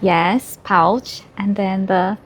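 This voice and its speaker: A woman's voice: mid-range voice, steady tone, very slow, slight background noise. A woman filming an unboxing vlog, gushing, gasping and squealing with delight. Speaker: vlogger.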